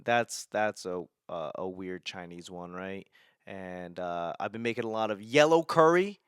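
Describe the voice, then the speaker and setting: A man's voice: low voice, a little slow, smooth, no room sound, clean studio sound. A young man from New England hosting a podcast, rambling casually with self-mocking humor, frequent swearing and laughter. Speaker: podcast host. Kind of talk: casual monologue.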